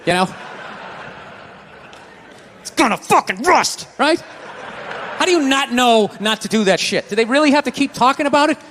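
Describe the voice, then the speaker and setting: A sarcastic stand-up comic with a Boston accent, ranting from a club stage and jumping from low mutters to yelled bits. His voice sits high and bright, with an edge. The room rings with a long reverb, and faint audience laughter sits behind him. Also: animated, moderate pace, pauses often, slight background noise. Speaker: stand-up comedian. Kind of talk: stand-up comedy set. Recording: reverberant venue with crowd laughter.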